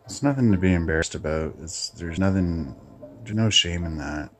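A man hosting his own channel, ranting bluntly in a casual, halting monologue. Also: low-pitched, faint music behind. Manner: blunt, opinionated, halting with restarts. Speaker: channel host.

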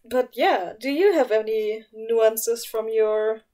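Female podcast co-host, fairly high voice, giggly and playful, loose rambling chat. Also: slow, mellow. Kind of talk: casual chat.

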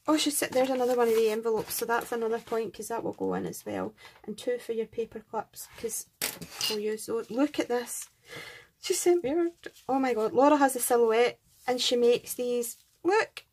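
A woman's voice: a little high, creaky, a little hiss or hum. A Scottish woman hosting a craft channel, chatting casually and gushing as she unboxes and counts items aloud. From Scotland.

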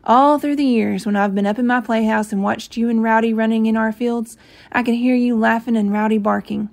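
A woman voicing a sweet, eager little girl in a read-aloud storybook, bright and pleading. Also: on the high side, fairly even intonation, fairly quick, vocal fry.

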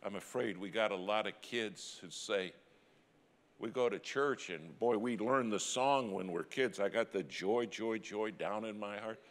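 A middle-aged man preaching a sermon as a dramatic story, swinging from loud cries to hushed, near-whispered lines. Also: on the low side, a little slow. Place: church sanctuary. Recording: long church hall reverb.

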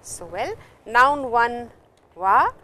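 Lively Indian woman teaching Japanese. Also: on the high side. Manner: explains slowly, reads dialogue lines aloud. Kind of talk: recorded language lesson.

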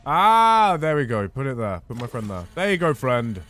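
A man commentating a horror game playthrough, swinging from quiet muttering to panicked shouts. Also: medium pitch, big pitch swings, normal speed, faint music behind. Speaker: gaming video host.

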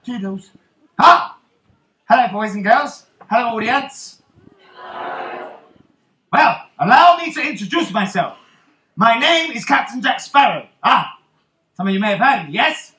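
Man playing a showy rum-loving pirate captain for a kids' stage show, very high and bright, roomy theatre hall. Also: big pitch swings, measured pace, pauses often, full character voice. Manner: theatrical, teasing, calls out to the crowd. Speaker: stage actor. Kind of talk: live children's stage show with audience banter.

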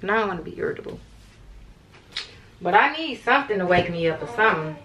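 A young woman talks straight to her viewers in a loose, rambling vlog, tired and going in circles. Her voice sits a little low for a woman. A faint hiss runs under the recording. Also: animated, fast, fairly bright tone, dull audio. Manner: chatty, rambling, addresses viewers as y'all. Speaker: vlogger. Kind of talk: casual vlog chat to camera.

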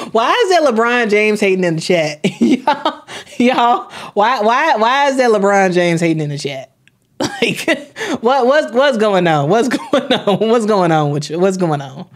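Young woman host, casual stream chatter, mid pitch, repeats words, lots of ums. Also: animated, normal speed. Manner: chatty, repeats words, many fillers, reads chat aloud. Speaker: host of a sports live stream. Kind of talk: casual live-stream chat.

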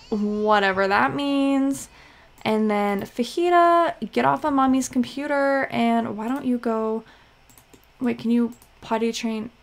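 A young woman's slightly high voice runs a loose, chatty commentary over her gameplay. She jumps from task to task and scolds her game characters as she goes. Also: gravelly. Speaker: let's play host.

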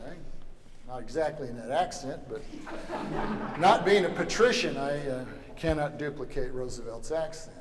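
A man's voice: medium pitch, moderate pace, a crowd in the background. A man from Louisiana, giving an anecdotal lecture at a summer seminar in a wry, joking manner, full of "you know" asides. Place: lecture hall. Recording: echoey hall, faint background noise.

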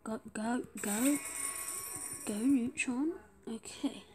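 A woman giving gameplay commentary, often dropping to a whisper and breaking into excited bursts. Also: fairly high pitch, slow pace, over music. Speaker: gamer.

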